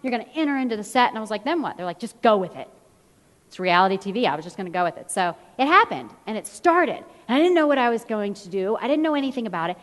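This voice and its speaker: Animated woman speaking on a hall stage. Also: on the high side, fast talker. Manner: animated storyteller, acts out quotes. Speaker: fitness trainer and speaker. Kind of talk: motivational stage talk. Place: large event hall. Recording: long hall reverb.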